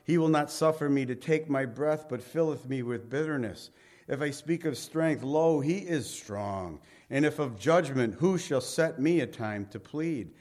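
A man giving a verse-by-verse Bible teaching, reading scripture aloud and then explaining it in lively, everyday speech, often dropping low and quiet to close a point. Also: a little slow. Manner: animated, reads scripture aloud then paraphrases it conversationally.

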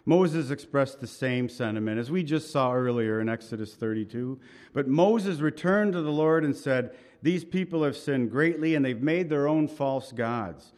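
A man delivers a sermon in an earnest, conversational manner, breaking off for asides as he walks through scripture. His voice sits in a middle pitch range. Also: expressive, moderate pace, a little mellow. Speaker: pastor.

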